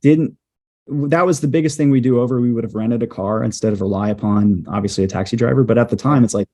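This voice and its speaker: A man, a journalist guest, telling a story in a casual interview, lively and peppered with "like". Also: mid-range voice, fast talker. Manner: lively storyteller, heavy use of "like". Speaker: guest, journalist and storm chaser.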